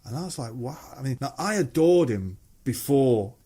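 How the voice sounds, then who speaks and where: A man's voice: mid-range voice, lively intonation, normal speed, mellow, breathy edge. A middle-aged man with a Mancunian English accent, a musician guest telling anecdotes in casual chat, swearing freely and acting out quoted voices.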